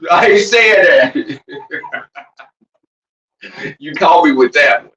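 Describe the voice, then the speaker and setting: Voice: medium pitch, animated, very slow. Profane, teasing livestream host in a roomy space. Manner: loud, profane and teasing, with sudden shouts and laughs. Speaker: livestream host reading chat. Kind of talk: casual livestream chat. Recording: roomy, distant, dull lo-fi sound.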